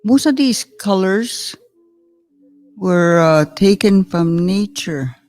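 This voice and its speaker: A woman leads a patient vocabulary lesson, drawing each word out at a very slow, deliberate pace. Her voice sits at a middle pitch, chatty and given to easy chuckles, with faint music in the background. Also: animated. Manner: warm and chatty, often chuckling, sounds out words slowly. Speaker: language teacher.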